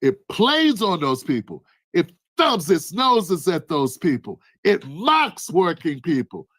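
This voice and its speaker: A man's voice: fairly high pitch, very animated, slow pace, a bit bright. Man ranting fervently on politics. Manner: fervent, repetitive rhetorical questions, addresses a listener by name. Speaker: channel host and political commentator. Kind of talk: impassioned political commentary rant.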